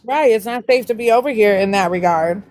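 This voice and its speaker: A woman in casual livestream chat, blunt and profane, talking quickly. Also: mid-range voice, darkish tone, a little hiss or hum. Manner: blunt, swears a lot, fast talking. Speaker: livestream co-host.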